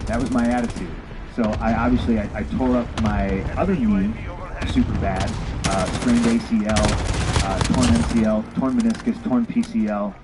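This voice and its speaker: A man's voice: on the low side, fairly even intonation, moderate pace, very noisy. A man telling a story bluntly with lots of swearing, acting out both sides of old conversations. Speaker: former pro wrestler telling a story. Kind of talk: casual candid storytelling.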